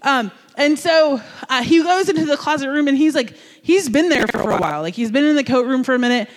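A man from New Jersey giving a sermon as a youth pastor, telling a story in an animated, jokey, conversational way. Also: extremely high pitch, brisk, in a large hall.

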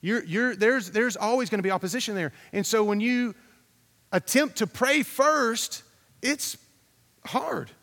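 A man's voice: sits high, unhurried, a bit bright, big-room sound. A man preaching a sermon as a pastor, talking in a conversational, storytelling way, repeating himself and putting questions to the congregation.

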